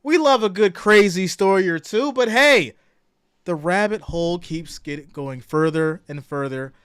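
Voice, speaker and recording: A man hosting a casual sports live stream, loud and excitable, greeting chat viewers by name and swinging between shouted hype and low asides. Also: measured pace, clean tone, no room sound, studio quality. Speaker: sports livestream host.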